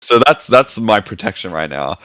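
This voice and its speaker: A man in his twenties chatting casually, telling animated stories and acting out the people in them. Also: fairly low pitch, moderate pace, no echo. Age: 20s. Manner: animated storytelling, acts out quotes. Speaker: podcast guest. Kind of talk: casual chat.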